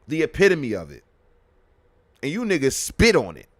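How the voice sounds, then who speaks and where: A man hosting a live podcast, delivering a heated, profane, repetitive rant that swings from loud outbursts to low muttering. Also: wildly swooping pitch, moderate pace, no echo. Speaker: podcast host.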